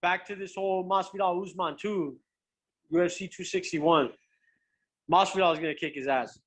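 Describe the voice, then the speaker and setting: A young pro MMA fighter, appearing as a guest, chats and tells stories in a loose, animated way with a notably high-pitched voice. He swears freely, speaks at a moderate pace, and stumbles over frequent restarts.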